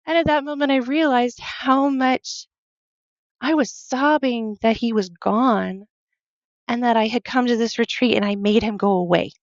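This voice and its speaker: A woman guest on a podcast telling a personal story earnestly, halting often and quoting her own thoughts. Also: fairly high pitch, no room sound, dull audio. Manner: earnest, halting, with many fillers and quoted self-talk.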